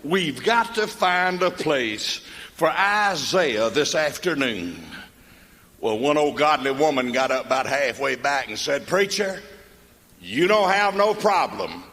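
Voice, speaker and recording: An older man with a Mississippi Southern accent does stand-up storytelling, spinning comic country tales in a folksy drawl and acting out the characters. His voice is on the high side, sing-song, slow, and a bit bright, with a long reverb tail.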